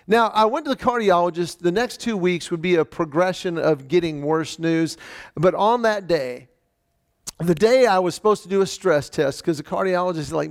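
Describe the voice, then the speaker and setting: A man with a gravelly edge and a slightly high voice tells a personal story to a live audience. He talks in an animated way, acting out each quoted voice. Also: moderate pace. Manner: animated, acts out quoted voices with rising pitch. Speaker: speaker telling a personal story.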